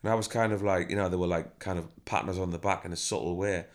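A man's voice: deep voice, quick pace. A man, a band member who also manages the band, telling stories casually in an interview and acting out what people said. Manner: chatty, animated storytelling with acted-out quotes.

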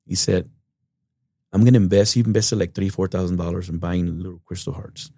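A middle-aged man from Texas, telling stories in a relaxed, rambling way as an interview guest. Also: low voice, brisk, dry recording, clean studio sound. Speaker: guest musician. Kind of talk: casual storytelling interview.

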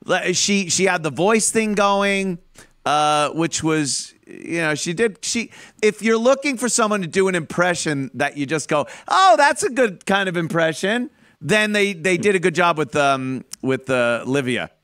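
Loud, profane male radio host. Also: high-pitched, animated, a little slow, clean tone. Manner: loud, rants, swears a lot. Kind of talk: profane casual radio banter.

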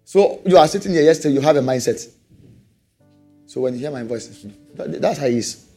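A man preaching a sermon, animated, repeating rhetorical questions and laughing often. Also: on the high side, a little fast, slightly rough, faint music behind.

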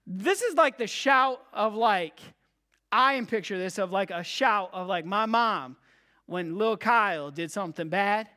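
Before a live congregation at a church service, a pastor delivers an animated, emphatic sermon at a measured pace. He repeats himself and alternates between loud cries and quiet, low tones.

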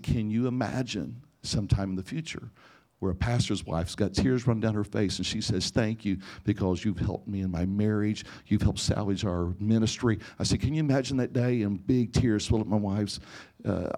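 A man's voice: lowish voice, normal speed, darkish tone. A man preaching a sermon, telling personal stories and acting out conversations with frequent restarts. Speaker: pastor.

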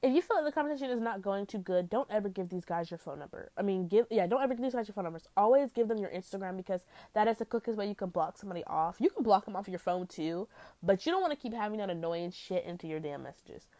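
A woman's voice: mid-range voice, animated, fast talker, mellow, no room sound. Blunt, profane young woman vlogging. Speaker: vlogger giving dating advice. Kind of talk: casual vlog monologue.

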